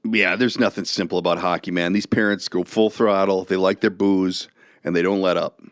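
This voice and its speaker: A man's voice: low voice, moderate pace, clear, resonant tone, dry recording, studio quality. A middle-aged man co-hosting a podcast, telling stories in a casual chat and laughing often. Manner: animated storyteller, laughs often. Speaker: podcast co-host.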